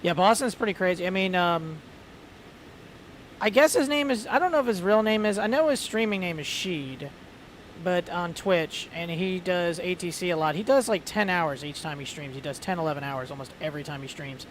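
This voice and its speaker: A chatty man talks loosely and rambles, packing his sentences with fillers. His voice sits a little high. A faint hiss of noise runs under the recording. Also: animated, normal speed. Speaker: flight sim streamer. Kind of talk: casual chat.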